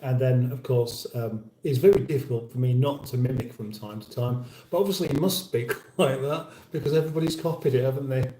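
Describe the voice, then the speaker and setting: A man's voice: medium pitch, brisk, hardly any pauses, mellow, roomy sound, slight background noise, low-quality recording. A middle-aged British man hosting a casual livestream, reading out viewer comments in a dry, wry, mock-formal way and sounding a little weary. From United Kingdom. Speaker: livestream host.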